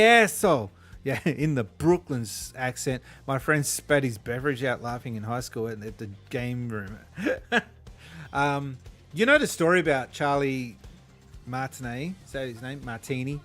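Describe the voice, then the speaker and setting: A man, streaming a game and telling rambling, profane anecdotes with frequent chuckles. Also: medium pitch. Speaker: gaming streamer. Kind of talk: casual gameplay chat.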